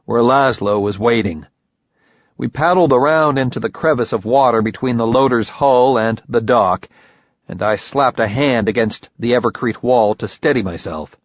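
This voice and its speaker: A man narrates a first-person audiobook in a slow, measured, grim manner at a middling pitch. The recording is dry and close, with a dull lo-fi tone. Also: no echo.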